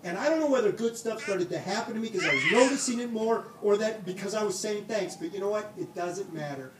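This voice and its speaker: A man's voice: high voice, a little fast. A man telling a personal story on stage with comic timing, acting out the dialogue. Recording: echoey room, heard from a distance, audible noise.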